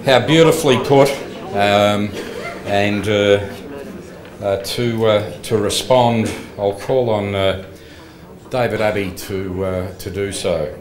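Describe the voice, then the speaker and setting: A man, the master of ceremonies, introduces the next speaker in a halting way, with many fillers. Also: lowish voice. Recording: echoey hall, off-mic, crowd noise.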